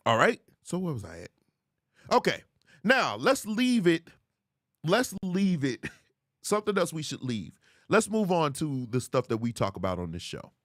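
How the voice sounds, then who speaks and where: A man hosting a commentary show on viral clips, animated and mocking, laughing often and jumping into high squeals to ridicule. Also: no echo, studio quality. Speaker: host.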